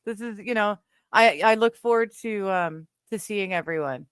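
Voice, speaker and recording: A woman's voice: medium pitch, moderate pace, clean tone, no echo. A woman hosting a casual live stream chat, reading chat messages aloud and laughing easily. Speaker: stream host.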